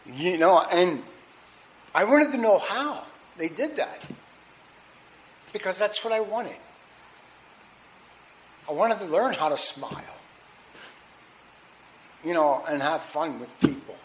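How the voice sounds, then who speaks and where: A man's voice: fairly high pitch, takes it slowly, long pauses, rough recording. A middle-aged man telling his recovery story at a meeting, candid and rambling, with restarts and fillers. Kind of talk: personal testimony at a recovery meeting. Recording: faint hiss.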